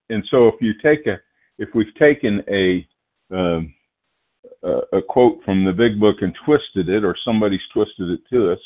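Guest speaker, man, from Oklahoma. Deep voice, nervous, halting, keeps clearing his throat. Thin phone-line sound. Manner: halting, many fillers and restarts, clears throat. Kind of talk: phone-line recovery meeting talk.

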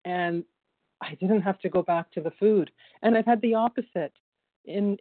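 A woman's voice: on the low side, no room sound. A woman speaking earnestly and reflectively as she shares at a recovery meeting, repeating phrases for emphasis. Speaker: meeting member sharing. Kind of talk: personal sharing at a recovery meeting. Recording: dry phone line.

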